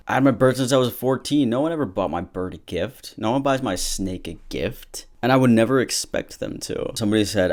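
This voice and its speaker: A man reading posts aloud and reacting bluntly, swearing freely in casual commentary. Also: sits low. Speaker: YouTuber reading Reddit posts.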